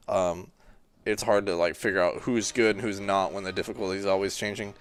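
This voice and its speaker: Yawning and worn out, a gaming YouTuber rambles through casual commentary while navigating game menus. His voice is on the low side, with a clean tone.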